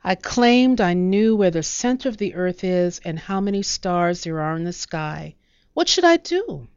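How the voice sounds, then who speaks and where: A woman's voice: fairly low pitch, expressive, measured pace, clear, resonant tone, no room sound, lo-fi sound. A woman reading a storybook, voicing a poor, proud male farmer who pleads and argues. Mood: despairing.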